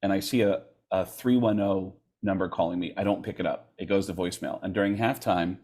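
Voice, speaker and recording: A middle-aged man, a comedian being interviewed, telling stories in a lively way and acting out the lines of people he quotes. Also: low-pitched, brisk. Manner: animated storyteller, acts out quotes. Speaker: comedian and voice actor, interview guest. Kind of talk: casual storytelling interview.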